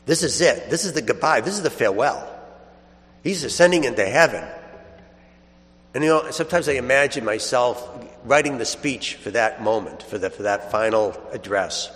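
A man delivers a sermon in a relaxed, story-telling manner, with light chuckles along the way. His voice sits in a middle register. The sound carries a long church reverb. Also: medium pitch, normal speed. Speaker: priest.

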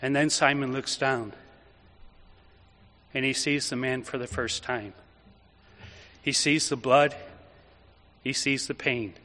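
A male priest giving a homily, telling a story vividly and then turning quiet and reflective. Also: medium pitch, fairly even intonation, takes it slowly, long pauses. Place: church. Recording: echoey church reverb.

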